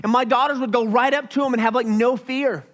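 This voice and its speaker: High-voiced young man preaching. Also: brisk. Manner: conversational, animated preaching. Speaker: pastor. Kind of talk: sermon.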